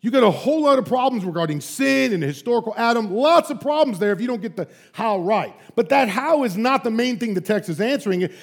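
A man preaching a sermon in an animated storytelling way, full of asides to the congregation. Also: very high-pitched, fairly quick, few pauses. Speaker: pastor.

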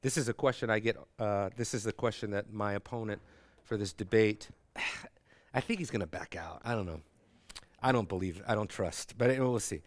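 A man's voice: fairly low pitch, fairly quick, no room sound. Man lecturing a class, dry sound. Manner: conversational, asks rhetorical questions, many fillers. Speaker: theology teacher.

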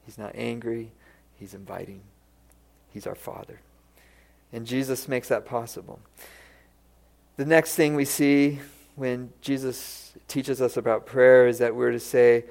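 Man preaching a sermon, hushed to rising. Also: mid-range voice, vocal fry. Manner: storytelling, often softening to a hush then rising.

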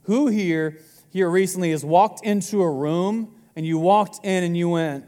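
A man's voice: sits high, a little slow, dark tone, in a large hall. A man in his twenties preaching a sermon to his congregation in a casual, joking way. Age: 20s. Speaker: pastor.

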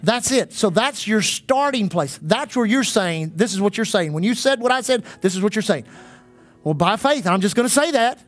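A man's voice: high voice, lively intonation, moderate pace, soft background music. A man preaching at a charismatic church service, calling out to the congregation. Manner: fervent, calls out to congregation.

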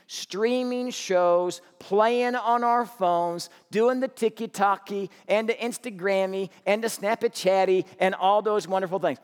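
High-voiced man preaching in a hall. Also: fairly bright tone. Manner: storytelling with playful humor. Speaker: pastor. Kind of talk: sermon.

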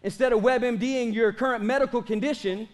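A pastor in his late thirties with a very high voice for a man delivers an energetic sermon. He slows right down to stretch out key phrases, then speeds up and jokes with his congregation. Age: late 30s. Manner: energetic preaching, slows for drawn-out emphatic lines, jokes with the congregation.

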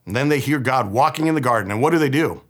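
Man, young adult, from the Bay Area, pastor, storytelling sermon, husky, lively pitch. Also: fast talker. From San Francisco Bay Area. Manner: conversational, animated storytelling.

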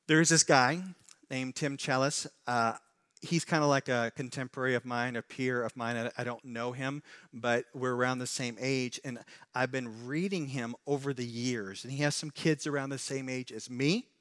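A pastor in his forties preaching a sermon with passion, swinging from loud, pleading emphasis to quiet, earnest reassurance. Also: medium pitch, fairly even intonation, normal speed.

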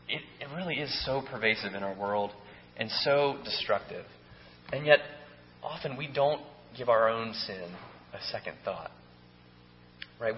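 A man's voice: medium pitch, slight background noise. A man preaching a sermon in a loose, conversational way, often checking in with "right?" and restarting his sentences. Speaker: pastor. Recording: echoey hall, dull lo-fi sound.

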